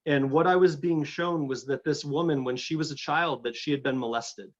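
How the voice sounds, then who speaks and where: A middle-aged man telling a personal story as a guest in an interview, animated and full of restarts. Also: a little high, normal speed, lo-fi sound. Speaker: guest, energy healer.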